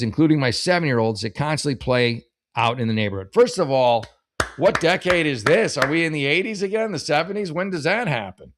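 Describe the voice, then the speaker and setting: A man's voice: mid-range voice, fairly bright tone. Rambling, joking male advice host. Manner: rambling, jokey, many restarts and self-corrections. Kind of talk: casual chat reading listener questions.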